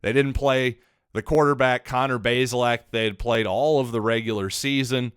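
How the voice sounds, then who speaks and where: A man hosting a solo sports podcast, talking in an animated, sarcastic way with rambling asides into a close mic. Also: mid-range voice, moderate pace, clear, resonant tone, dry recording. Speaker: podcast host.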